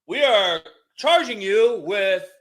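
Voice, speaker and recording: A man's voice: high-pitched, lively intonation, slow, a bit bright, heavily acted. Man playing a stiff mock-formal judge. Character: formal courtroom judge, male, businesslike.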